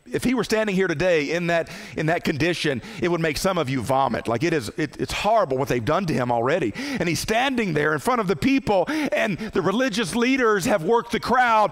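A man preaching a sermon as pastor, impassioned, swinging between loud outbursts and hushed low tones.

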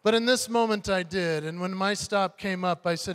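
A motivational speaker, a man, telling an animated story on stage and acting out the voices. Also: sits high, moderate pace, clear, resonant tone. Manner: animated, acts out voices, builds to punchlines. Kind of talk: keynote storytelling speech. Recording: long hall reverb.

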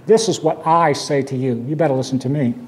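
A man's voice: mid-range voice, brisk. A man teaching a Sunday school class, talking conversationally, asking rhetorical questions and quoting scripture with emphasis.

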